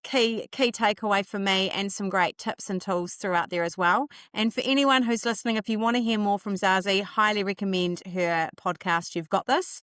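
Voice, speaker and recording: A woman's voice: medium pitch, moderate pace, hardly any pauses, fairly bright tone, no room sound, clean studio sound. A woman from New Zealand hosting a podcast and putting friendly questions to her guest. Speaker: podcast host. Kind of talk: interview questions.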